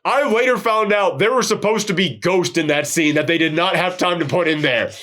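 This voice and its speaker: Excitable rambling man, fairly high voice. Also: brisk, slight background noise. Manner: excitable, rambling, swears freely. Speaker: podcast host. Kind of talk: casual film recap chat.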